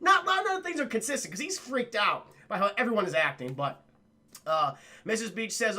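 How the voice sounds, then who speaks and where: A young man with a high-sitting voice speaks a little fast while livestreaming a casual film review. He retells scenes in an animated, profane way and talks to his chat.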